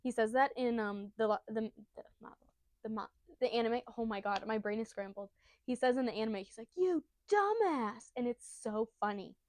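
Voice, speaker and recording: A woman's voice: fairly high pitch, steady tone, a little fast, darkish tone, slight background noise. A woman giving a casual, giggly and profane retelling of a comic chapter. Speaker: storyteller.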